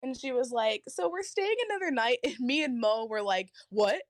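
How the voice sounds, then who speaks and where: A woman's voice: lively intonation, normal speed, no echo, studio quality. A young woman co-hosting a podcast, telling a story in casual chat, giggly and using "like" a lot. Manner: giggly, uses "like" a lot, squeaky when quoting. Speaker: podcast co-host.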